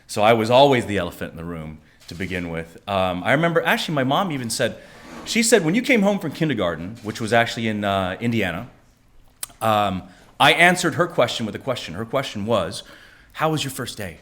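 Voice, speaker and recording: A man from the United States telling a personal story on stage, animated, often laughing, and jumping into high voices for the people he quotes. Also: fairly quick. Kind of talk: live storytelling.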